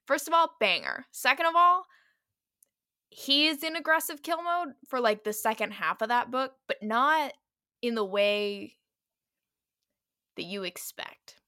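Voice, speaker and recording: Woman podcast host gushing about a book, bright sharp voice, dry close sound, laughs a lot. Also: high voice, measured pace, clean tone, no echo. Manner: animated, laughing book recap. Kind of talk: casual chat.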